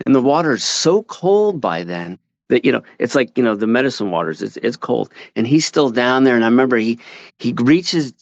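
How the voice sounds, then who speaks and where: A man telling a casual story over a call from outdoors, rambling with many halting restarts. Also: medium pitch, very animated, dry recording, muffled recording. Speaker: caller sharing a story. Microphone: call audio.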